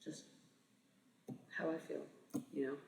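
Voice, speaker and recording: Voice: mid-range voice, level tone, slow, gravelly. A livestream host in their thirties, chatting casually with viewers, rambling, swearing freely and laughing often.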